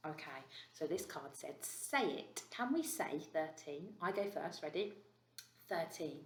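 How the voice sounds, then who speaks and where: A British woman teaching a recorded maths lesson to young children, slow, clear and encouraging. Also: low-pitched, expressive, echoey room, a little hiss or hum. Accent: British English. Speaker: reception class teacher.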